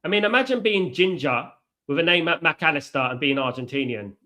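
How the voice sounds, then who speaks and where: A man hosting a live football watchalong, chatty, reacting to play and giving shout-outs to viewers. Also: fairly high pitch, animated, brisk. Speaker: watchalong host.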